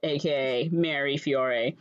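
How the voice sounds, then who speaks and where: A woman's voice: very deep voice, steady tone, slow, lo-fi sound. A young woman co-hosting a podcast, retelling a movie plot in casual chat, full of "like" fillers. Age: young adult. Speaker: podcast co-host.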